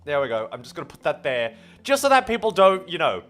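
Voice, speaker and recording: Animated high-voiced Australian man. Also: fast. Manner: animated, playful, swears and exclaims often. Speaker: streamer. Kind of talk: casual livestream chat with viewers.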